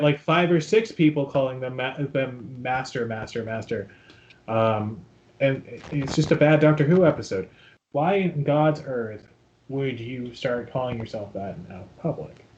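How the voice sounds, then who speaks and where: A man's voice: mid-range voice, muffled recording, a little hiss or hum. A man co-hosting a casual podcast, making wry, joking asides. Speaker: podcast co-host.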